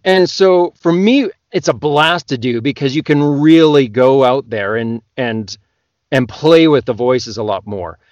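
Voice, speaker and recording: A Canadian man, an audiobook narrator, talking loudly and excitedly as a podcast guest. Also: medium pitch, unhurried, dry recording, muffled recording. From Western Canada. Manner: loud, excitable talker. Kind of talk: casual podcast chat.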